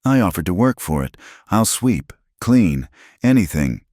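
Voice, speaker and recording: A man voicing a starving young widow with a hoarse, pleading voice. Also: rumbling low, sing-song, unhurried, darkish tone, no echo, studio quality, pitched above the performer's own voice, exaggerated voice.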